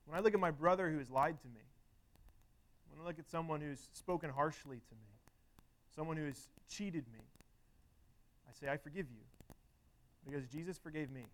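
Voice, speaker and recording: A man's voice: on the high side, normal speed, pauses often. A man preaching a sermon in an earnest, conversational way, often restarting his phrases and using filler words.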